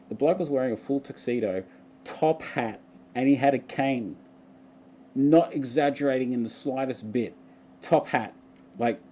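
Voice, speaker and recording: A young man with an Australian accent tells a long, wandering story to his livestream viewers, laughing often as he goes. His voice is dark and mellow. A faint hiss sits under the recording. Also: mid-range voice. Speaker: vlogger. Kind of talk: casual livestream chat.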